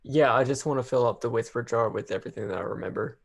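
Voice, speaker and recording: A man player in a tabletop game speaks at a middling pitch with a gravelly, fry-laden voice. He talks in a brisk, matter-of-fact way. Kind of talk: casual tabletop play.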